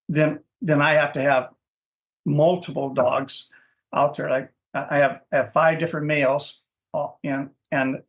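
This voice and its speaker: A middle-aged man speaking as a guest on an interview podcast, with a voice pitched a little above most men's. He talks casually and loosely, stacking fillers and restarting his sentences as he tells his story. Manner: rambling, many restarts and "you know" fillers. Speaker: dog breeder, podcast guest.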